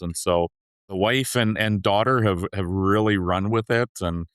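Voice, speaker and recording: A man's voice: low-pitched, fairly even intonation, moderate pace, a bit bright, clean tone, no room sound. A man guest on a podcast, chatting in an earnest, upbeat way with frequent restarts. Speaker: podcast guest, payroll leader. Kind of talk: casual interview chat.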